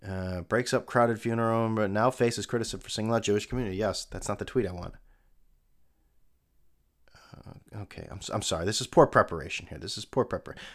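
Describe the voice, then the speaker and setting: A man's voice: fairly low pitch, a little fast, pauses often. A middle-aged man hosting a casual solo podcast, rambling and sarcastic, putting himself down. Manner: sarcastic, rambling, self-mocking. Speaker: podcast host.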